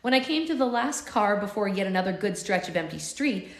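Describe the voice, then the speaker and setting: A woman reads a novel aloud live for her book club, then drifts into animated, giggly asides. Her voice sits in a middle range. The room adds a clear echo. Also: medium pitch, brisk. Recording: echoey room.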